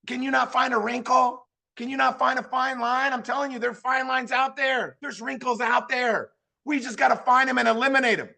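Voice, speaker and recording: A man's voice: very high voice, vocal fry, sharp tone. A man giving a hype motivational pep talk to a sales team, fired-up and punchy, repeating rallying phrases.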